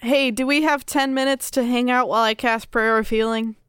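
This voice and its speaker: High-voiced playful woman player. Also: fairly even intonation, normal speed, a bit bright, smooth, no room sound. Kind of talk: casual tabletop game play.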